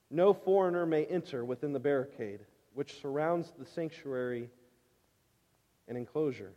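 Emphatic preacher in a reverberant hall. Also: male voice, fairly high pitch, highs cut off. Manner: emphatic preaching, swinging between loud and hushed. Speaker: pastor. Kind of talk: sermon.

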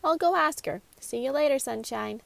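A woman voicing a cheerful grandmother who plays amateur detective, brisk and probing. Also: sits high, lively intonation, creaky, fairly bright tone, no echo, pitched above the performer's own voice, heavily acted.

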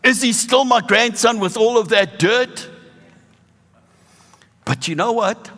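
A man in his sixties with a South African accent, preaching a sermon with animated, emphatic bursts. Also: extremely high pitch, slow pace, long reverb tail. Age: 60s.

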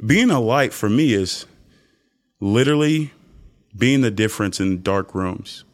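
A young man hosting a podcast, giving an earnest, preachy, faith-based motivational talk that often jumps into high mock voices for emphasis. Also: animated, a little slow. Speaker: podcast host.

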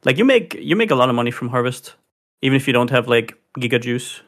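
A man in a casual gaming chat, relaxed and slangy. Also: medium pitch, fast.

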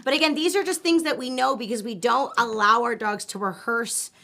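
A woman dog trainer demonstrating toy play on a live stream, chatty and animated, breaking into excited praise for the dog. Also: on the high side, fairly quick, creaky, low-quality recording.

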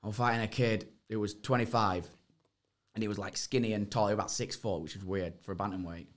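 Young man, low voice, rambling storyteller, swears freely. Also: fairly even intonation, fairly quick. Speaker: podcast guest, MMA fighter. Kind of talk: casual chat.

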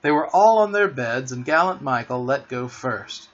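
Husky man reading a storybook aloud. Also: medium pitch, normal speed, dull audio. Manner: gentle, expressive read-aloud. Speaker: storyteller, podcast host.

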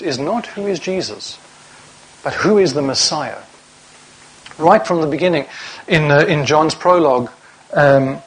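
Man preaching a sermon, slightly high. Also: a little hiss or hum, rough recording. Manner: reads scripture aloud, asks rhetorical questions.

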